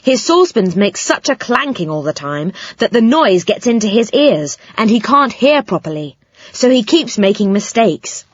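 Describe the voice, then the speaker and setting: A woman's voice: medium pitch, sing-song, moderate pace, dry recording, voice pushed up. A woman reading a children's audiobook, voicing a friendly, sensible boy who explains things patiently. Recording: slightly muffled, dry sound.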